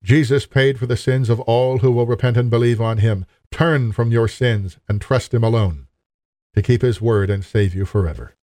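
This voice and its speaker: A man's voice: mid-range voice, normal speed, warm tone, no room sound. Earnest male preacher, dry sound. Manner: earnest, emphatic preaching with direct appeals to listeners. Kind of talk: sermon.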